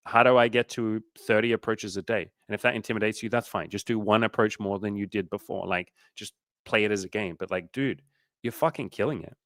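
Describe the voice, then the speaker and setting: A man hosting a casual livestream as a dating coach, giving an energetic, profane pep talk. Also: lowish voice, fairly quick, hardly any pauses, no room sound, studio quality.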